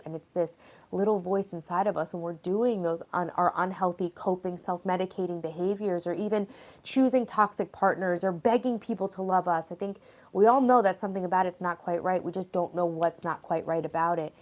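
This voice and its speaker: A woman's voice: lowish voice, brisk, darkish tone. A woman hosting a live stream, chatting casually in an earnest, rambling way and encouraging her viewers. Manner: rambling, earnest, filler-heavy. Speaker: host of a live stream tapping series.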